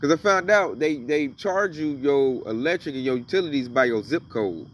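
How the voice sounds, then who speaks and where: A man's voice: mid-range voice, lively intonation, moderate pace, a bit bright, far from the mic. A man giving casual, emphatic commentary on scripture, reading verses aloud and then riffing on them. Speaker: religious commentator.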